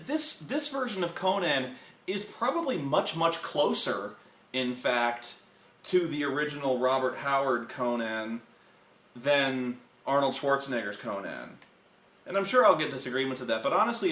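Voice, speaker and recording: A man co-hosting a casual film review, rambling and swearing, acting out movie scenes with loud yells. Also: mid-range voice, reverberant.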